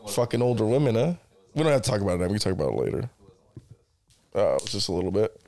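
A man's voice: fairly low pitch, very animated, rapid-fire, warm tone. A young man co-hosting a podcast, chatting casually with a crude, joking manner and plenty of swearing. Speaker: podcast co-host. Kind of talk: casual chat.

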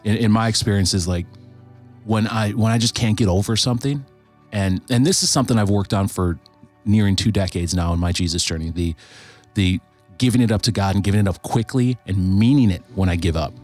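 A man hosting a podcast in a studio, chatting casually and haltingly, with frequent restarts. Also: lowish voice, a little mellow, soft background music. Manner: halting, many restarts and fillers. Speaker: podcast host. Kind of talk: casual chat.

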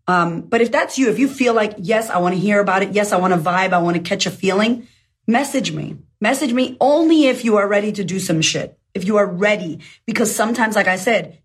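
A woman's voice: on the low side, slightly rough. A woman in her thirties giving a blunt, fiery motivational talk as a life coach, swearing freely, speaking into her phone.

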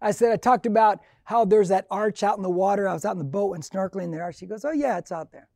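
Older male pastor, earnest and conversational, warm mellow voice, dry recording. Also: high voice, quick pace, no room sound. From Mexican heritage. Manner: earnest, conversational, acts out dialogue. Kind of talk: sermon storytelling.

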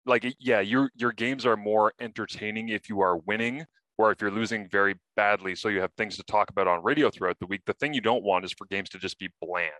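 A man who calls football games, chatting casually and telling animated stories on a sports podcast. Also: on the low side, fairly quick, no echo. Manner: animated storyteller, swears casually. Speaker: sports broadcaster.

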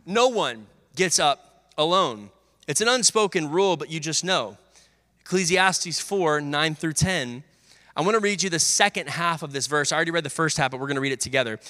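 A man's voice: on the high side, lively intonation, moderate pace, sharp tone. A young man preaching a sermon, telling sports stories with energy and acting out the voices of teammates and his coach. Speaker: pastor. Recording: long hall reverb.

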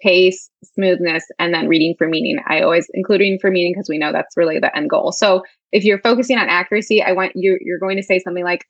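Speaking fast with few pauses in a fairly low voice, a woman guest who teaches literacy shares her teaching ideas. It's a casual, chatty interview full of "like"s, and the recording is dull, lo-fi, and dry.

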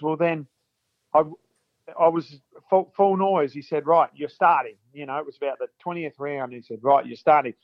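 A man's voice: a little high, no echo, lo-fi sound. A man, a former footballer telling long stories in an interview, repeating himself and acting out old conversations. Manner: chatty, repeats words, acts out quotes. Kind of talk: storytelling interview.

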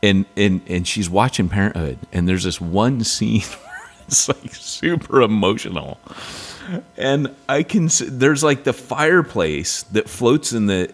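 A man co-hosting a podcast, telling a rambling, animated story in casual chat and jumping up in pitch when he quotes his wife. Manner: rambling, many restarts. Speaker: podcast co-host.

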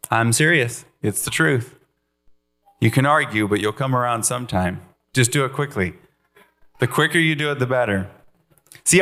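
Earnest man preaching a lively sermon. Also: mid-range voice. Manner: earnest, animated preaching with playful asides.

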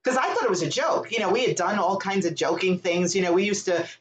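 Candid, animated woman in a roomy space. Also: mid-range voice, quick pace, a little hiss or hum. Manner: candid, animated, swears freely. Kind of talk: casual storytelling conversation. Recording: roomy echo.

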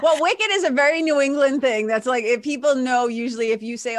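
A woman with a Boston accent, a guest on a podcast, chatting in an animated way and laughing easily. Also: high-pitched, brisk, hardly any pauses. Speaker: podcast guest, spiritual mentor. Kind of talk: casual interview chat.

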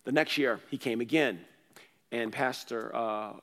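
A man, a pastor, preaching a sermon in a casual, conversational way, swinging between loud bursts and quiet asides. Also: medium pitch, measured pace, big-room sound.

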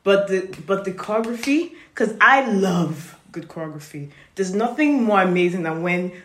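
A woman's voice: mid-range voice, expressive, normal speed, fairly bright tone, a little hiss or hum. A woman co-hosting a casual chat, enthusiastic and restarting her sentences as she goes. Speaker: podcast co-host. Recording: roomy echo.

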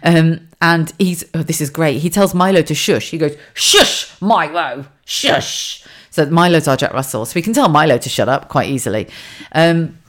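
Chatty woman with a low voice. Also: fairly quick. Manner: chatty and animated, frequent laughs and restarts. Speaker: podcast host. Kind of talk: casual monologue podcast.

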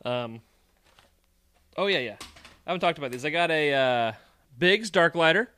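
A man's voice: a little high, expressive, moderate pace, pushed and bright, smooth. A man co-hosting a podcast, chatting casually, telling stories and laughing often. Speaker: podcast co-host. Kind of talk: casual chat.

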